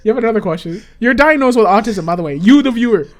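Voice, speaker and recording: A young podcast co-host who talks excitably, tells rambling stories and breaks into loud outbursts. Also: medium pitch, fast talker, faint music behind. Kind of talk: casual podcast banter.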